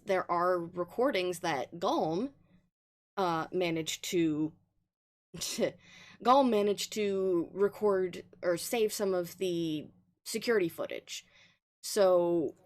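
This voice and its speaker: A woman hosting a livestream, casually recapping the story so far with lots of ums and laughs. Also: fairly low pitch. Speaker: stream host recapping a game. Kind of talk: casual let's play chat.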